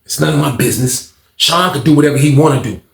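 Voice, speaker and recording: A man's voice: on the high side, quick pace, gravelly, fairly bright tone, echoey room. A man telling a story in a casual, slangy way, acting out the people he quotes. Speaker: storyteller, channel host.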